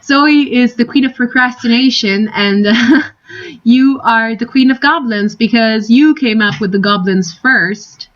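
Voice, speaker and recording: A woman's voice: a little high, unhurried, highs cut off. A young woman chatting casually on a live stream, rambling and giggly, drifting into tangents.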